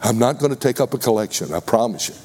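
A man with a Texas accent preaching a sermon, deliberate and addressing the congregation with questions. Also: medium pitch, lively intonation, a little mellow, in a large hall, a little hiss or hum.

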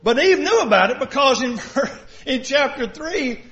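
A man's voice: extremely high pitch, big pitch swings, moderate pace, fairly bright tone. A male pastor giving a sermon, preaching in a conversational way and asking the congregation many rhetorical questions. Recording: dull lo-fi recording.

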